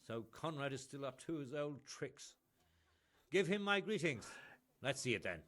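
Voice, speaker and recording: An actor playing an irritable, sharp-tongued medieval male scribe in a video game, brusque and sardonic. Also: medium pitch, expressive, normal speed, lightly acted. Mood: grudging. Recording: game audio heard under a stream.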